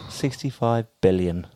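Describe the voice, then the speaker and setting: A man's voice: lowish voice, takes it slowly, dark tone, no echo. A man co-hosting a podcast, chatting casually and jokingly as he reads entertainment news from his notes. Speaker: podcast co-host. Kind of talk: casual chat.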